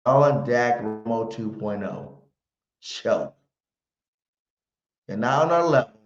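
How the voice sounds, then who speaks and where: Over music, a sports stream host with a medium-pitched, animated voice speaks slowly as he runs a live fan pregame show. He talks brash, slangy trash and leans hard on his emphasis, all through roomy, muffled home stream audio.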